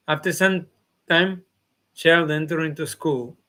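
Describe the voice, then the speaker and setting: A man's voice: on the high side, slow pace, a bit bright. A man giving a devotional class in simple, non-native phrasing, often acting out the replies of his listeners. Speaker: spiritual teacher.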